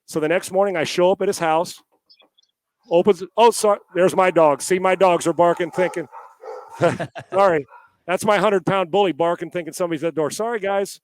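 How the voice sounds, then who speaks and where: A middle-aged man telling a story as a podcast guest. His voice sits a bit high for a man and sounds dry and close, as if picked up by a headset. He rambles in a lively way, restarting his sentences and swearing now and then. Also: fairly quick, no room sound. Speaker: podcast guest, former quarterback. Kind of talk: storytelling in a casual interview. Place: at home.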